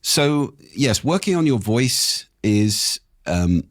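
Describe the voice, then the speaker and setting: An older man with a husky voice, explaining speaking technique in a lively, expressive conversational way. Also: medium pitch, slow, dry recording, clean studio sound. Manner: animated, expressive intonation. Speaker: voice coach guest.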